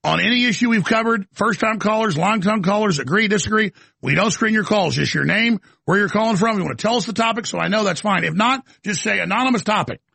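Gravelly, brash talk radio host man. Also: high-pitched, quick pace, few pauses, pushed and bright, no echo. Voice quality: gravelly, raspy. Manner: brash, hammering, repeats phrases for emphasis. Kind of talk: fast call-in radio monologue.

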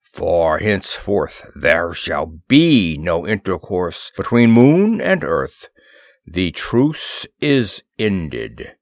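A man's voice: fairly low pitch, sing-song, measured pace, no room sound, clean studio sound. Horta, a man doing a grim imperious king. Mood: grim warning. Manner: heavy, grim, commanding. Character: sinister male usurper king, cold and imperious. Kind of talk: audiobook character voice.

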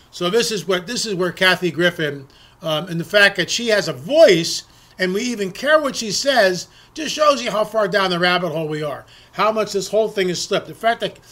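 A middle-aged man speaks in a high, bright, forward tone. He rants through a commentary monologue, stumbling into restarts and pressing rhetorical questions. He sounds worked up the whole way. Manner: impassioned, repetitive, ranting with frequent restarts. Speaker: political commentary host. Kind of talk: opinion monologue.

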